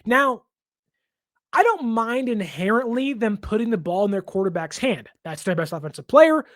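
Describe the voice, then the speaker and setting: An excitable woman hosting a sports podcast, talking through a game in a somewhat high voice. She rants emphatically and keeps cutting herself off to restart. The sound is close and dry. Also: dry recording. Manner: emphatic and excitable, rapid rants with self-interruptions. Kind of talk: casual football analysis commentary.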